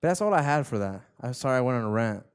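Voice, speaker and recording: A man's voice: medium pitch, lively intonation, rapid-fire, smooth. A young man hosting a casual podcast chat, rambling and slangy, often repeating himself. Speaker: podcast host.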